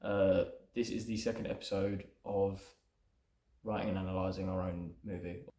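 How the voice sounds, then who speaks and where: A man with a fairly low voice casually talks through his own screenplay scene by scene. His delivery is loose and rambling, padded with "sort of" and "you know". The sound is roomy, with a clear echo around him. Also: steady tone, normal speed, warm tone. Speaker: screenwriter and channel host. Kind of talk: casual script breakdown to camera.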